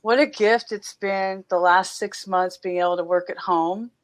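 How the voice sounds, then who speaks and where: Middle-aged woman guest, animated storyteller, laughs a lot, casual podcast chat. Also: medium pitch, moderate pace.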